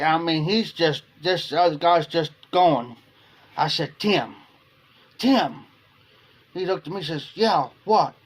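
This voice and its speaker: Rambling male livestreamer telling a story. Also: a little high. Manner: rambling, repeats "I said" while retelling. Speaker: livestream host. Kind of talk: casual storytelling to chat.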